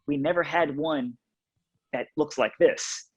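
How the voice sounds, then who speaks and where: A man telling a relaxed story in a casual chat, acting out both sides of the conversation. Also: on the high side, unhurried, husky, rough recording. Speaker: reptile seller guest.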